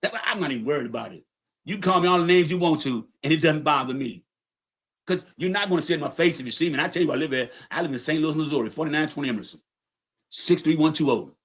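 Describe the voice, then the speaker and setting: A man hosting his own podcast livestream, in the middle of a heated, profane rant. He talks in a somewhat high voice, confronting his viewers directly and repeating lines to drive them home. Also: fast. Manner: angry, profane, repetitive, confrontational. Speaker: podcast host. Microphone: livestream setup.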